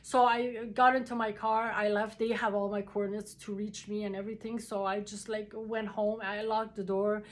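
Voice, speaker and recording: A woman telling a personal story in a casual, halting way, with many fillers and restarts. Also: medium pitch, little pitch movement.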